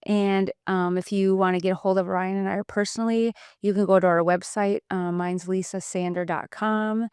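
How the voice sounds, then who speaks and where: A woman with a smooth, clear voice hosting a casual podcast interview. She sounds upbeat and laughs easily. The sound is dry and close. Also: mid-range voice, steady tone, normal speed, few pauses, a little mellow, no echo. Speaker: podcast host.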